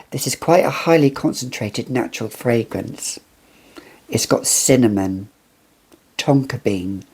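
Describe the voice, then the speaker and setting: A British woman with a strikingly low voice, enthusing over perfumes in a casual vlog. She talks at a leisurely pace, gushing and circling back on her words as she goes. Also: a little mellow. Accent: British English. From United Kingdom. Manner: gushing, enthusiastic, rambling with restarts. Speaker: fragrance reviewer.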